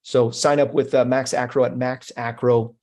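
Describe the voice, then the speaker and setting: A man's voice: mid-range voice, normal speed. A man hosting a podcast, casually running through sponsor mentions with plenty of fillers. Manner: relaxed, with many fillers. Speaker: podcast host.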